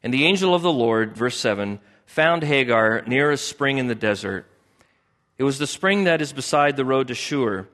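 A man's voice: mid-range voice, lively intonation, normal speed, fairly bright tone, long reverb tail. A man preaching a sermon as pastor, emphatic and repeating key phrases for stress.

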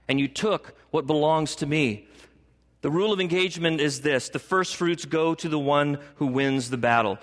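A man's voice: on the high side, a bit bright. A male pastor preaching a sermon, acting out the voices of biblical figures with dramatic shifts. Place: church sanctuary. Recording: long reverb of a large hall.

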